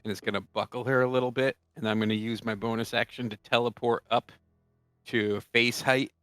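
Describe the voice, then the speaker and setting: A man's voice: mid-range voice, steady tone, brisk, a bit bright, no echo. A man playing a tabletop game, talking eagerly and jokingly, with playful boasting about his character's moves. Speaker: player.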